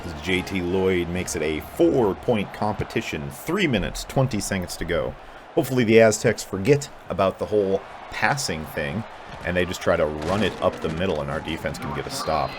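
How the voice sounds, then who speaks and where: Low-voiced frustrated gamer doing play-by-play. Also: male voice, expressive, moderate pace. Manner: frustrated, swears a lot, sarcastic, prone to angry outbursts. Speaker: gamer commentating his own play. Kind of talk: casual play-by-play commentary of a video game. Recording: game music clearly heard behind voice.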